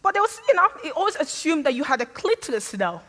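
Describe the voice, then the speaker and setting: Female guest speaker from Sierra Leone, non-native English, candid humorous storyteller, bright and slightly high. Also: fast talker, long reverb tail. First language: not English. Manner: frank, humorous, animated storyteller. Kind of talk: storytelling stage talk. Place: stage before a live audience.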